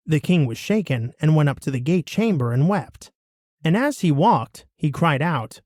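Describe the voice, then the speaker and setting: A man reading a Bible passage aloud in a steady, expressive way. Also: fairly high pitch, moderate pace, dry recording, clean studio sound. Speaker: scripture reader.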